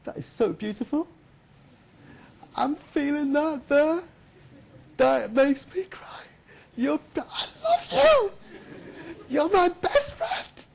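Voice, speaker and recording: Man doing a fake-tearful, conniving young medieval rogue, high and wailing. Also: a little fast, warm tone, a little hiss or hum, natural voice. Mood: tearful gushing. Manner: gushes tearfully then turns sly. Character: scheming young medieval man, gushing then greedy.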